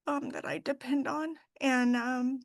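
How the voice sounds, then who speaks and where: A middle-aged woman, a funeral director, talking heartfelt about her work and faith with many pauses and fillers. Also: sits high, steady tone, no echo. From Idaho. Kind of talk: emotional interview talk.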